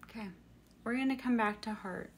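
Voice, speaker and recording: A woman's voice: fairly high pitch, slight background noise. A woman leading a live-streamed energy healing session, guiding breaths in a soothing way and chatting with viewers, with blunt swearing. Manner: slow, soothing guidance mixed with blunt swearing.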